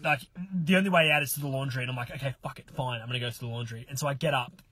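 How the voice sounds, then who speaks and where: A young man, telling a funny story in casual podcast chat. He is animated, laughs often and swears freely. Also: medium pitch, racing, husky, dry recording.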